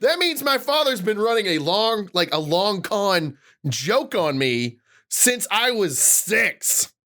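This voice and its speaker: A man in his thirties co-hosts a casual podcast and rants through a story. His voice sits a little high and swings widely in pitch, and he acts out the lines he quotes. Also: sing-song, slow pace, sharp tone. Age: 30s. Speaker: podcast co-host.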